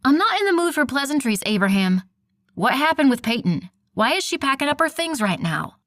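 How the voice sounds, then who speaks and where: A woman voicing an angry, bossy sister who speaks loudly and sharply. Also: high-pitched, very animated, fairly quick, no echo, studio quality, pitched above the performer's own voice. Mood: demanding. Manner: loud, sharp, demanding.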